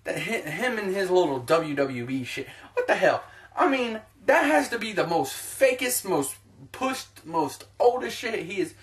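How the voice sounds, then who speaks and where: A man's voice: sits high, sing-song, unhurried. A man from the United States ranting profanely about fighters in a heated sports opinion vlog. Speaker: sports vlogger.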